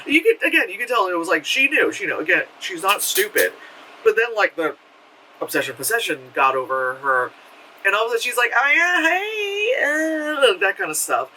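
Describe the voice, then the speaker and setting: A man with a high, very bright voice talks through a movie in an animated, rambling way, stacking up "like" and swearing freely. He sounds a little far from the mic, with a faint hiss behind him. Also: fairly quick. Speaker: movie reviewer. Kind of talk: casual spoken film review.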